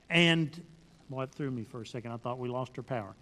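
A man's voice: fairly high pitch, fast talker, fairly bright tone, long reverb tail. A man preaching a sermon, reading scripture aloud and pressing his points with emphatic repetition and questions to the congregation.

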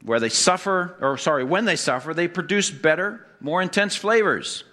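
A male pastor delivers a sermon in a bright, slightly high voice. He quizzes the congregation with questions and slips in wry jokes as he preaches. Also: expressive, moderate pace.

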